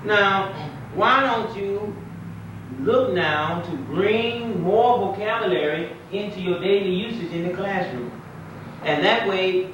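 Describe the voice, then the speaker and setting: A man's voice: sits high, fairly bright tone, a little hiss or hum. A man, an imam, teaching an Arabic class in a conversational lecture, quizzing his students with questions in a mosque classroom. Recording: echoey room, distant mic, dull lo-fi 1990s tape.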